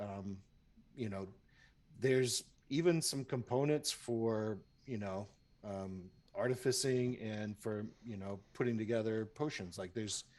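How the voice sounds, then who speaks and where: A man's voice: fairly low pitch, a little mellow. A man narrating as game master of a tabletop game, rambling with many fillers.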